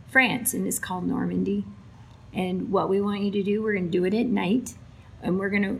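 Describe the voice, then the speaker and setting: A woman's voice: medium pitch, vocal fry, slight background noise, rough recording. A woman from Alaska casually retelling stories about veterans, acting out the dialogue. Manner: animated retelling with quoted dialogue. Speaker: storyteller for a veterans' flight charity. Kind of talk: casual spoken storytelling.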